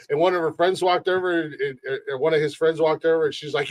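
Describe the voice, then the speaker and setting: A man's voice: fairly high pitch, fast, few pauses, no room sound. A man co-hosting a casual comedy podcast, telling stories with lots of swearing and acted-out quotes. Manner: animated storyteller, swears freely, acts out quotes. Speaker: podcast co-host. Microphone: streamed podcast mic.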